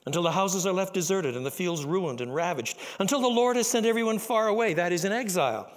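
A man in a sermon voicing God as a stern, commanding male figure who declaims forcefully. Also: high voice, animated, quick pace, pitched above the performer's own voice. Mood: declaiming. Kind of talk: sermon with acted-out scripture.

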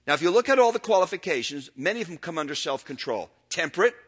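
An older man, a pastor teaching about church elders, speaking in a sermon-lecture style that swings from loud emphatic peaks to quiet low asides. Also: expressive, fast, slightly rough.

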